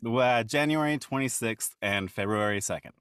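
Male interview host, mid pitch, relaxed and chatty with fillers, dry close recording. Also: normal speed, clean tone, no echo. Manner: friendly, loose, lots of filler "uh"s. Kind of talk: casual interview hosting.

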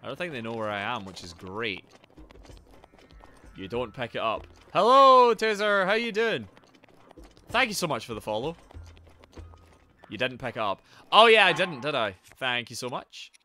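A man streaming a video game live. He is excitable and sweary, and chats to his viewers while he plays. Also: mid-range voice, normal speed, long pauses, slight background noise. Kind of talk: live gameplay commentary.

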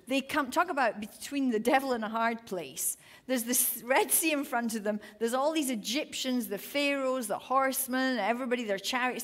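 A woman preaching to a women's gathering, reading scripture passages aloud and then urging her listeners on, clearing her throat now and then. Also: a little high. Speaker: women's ministry speaker.

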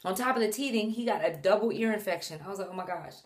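A young woman chatting to the camera at home while holding her baby, animated and chatty, breaking off to talk to him. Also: medium pitch, fast. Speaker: mom vlogger. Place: at home indoors.

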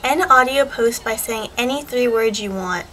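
A teenage girl chatting casually and slowly reading a list of words aloud at home. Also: fairly high pitch, a bit bright, a little hiss or hum, poor audio. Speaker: vlogger. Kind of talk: casual accent challenge reading.

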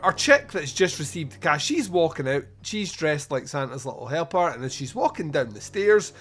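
A man hosting a podcast, reviewing a film in casual chat, animated, swearing freely and laughing often. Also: a little high. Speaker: podcast host.

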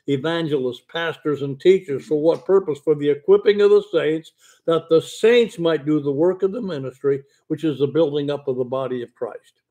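Older preacher with a stammer. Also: male voice, fairly high pitch, mellow. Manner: stammers in speech, fluent when preaching. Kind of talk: sermon-style Bible Q&A.

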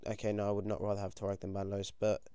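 Teen British male gamer, excitable and foul-mouthed, clean dry sound. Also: on the low side, rapid-fire, smooth, no echo. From United Kingdom. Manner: excitable, swears a lot, yelps when things go wrong. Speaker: gaming commentator. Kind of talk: casual game commentary.

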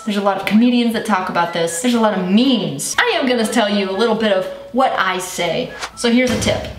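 A woman's voice: mid-range voice, recorded from a distance, a little hiss or hum. A woman telling jokes in a playful comic monologue, laughing and acting out silly voices. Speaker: comedian. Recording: roomy echo, off the mic, faint music.

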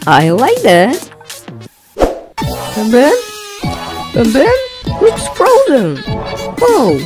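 A woman hosting a reaction video, gasping and exclaiming with excitement at each clip. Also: high-pitched, extremely slow, music in the background.

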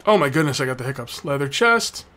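A man's voice: mid-range voice, big pitch swings, quick pace, bright, forceful tone, a little hiss or hum. A man hosting a let's play, giving casual gameplay commentary and joking with the game's customers as he goes. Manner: jokey, chats with game customers.

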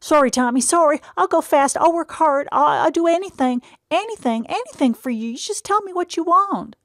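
A woman's voice: high-pitched, expressive, brisk, a bit bright, dry recording, clean studio sound, voice pushed up. A woman voicing an eager, simple-minded young man on a farm, pleading and breathless as he repeats himself.

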